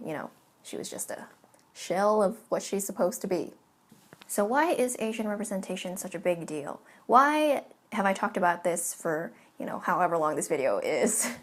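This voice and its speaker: Young woman, from California, casual vlog rant, emphatic, swearing, raspy breathy tone. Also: medium pitch. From California, United States. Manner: emphatic, ranting, swears often. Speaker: vlogger. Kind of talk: casual commentary.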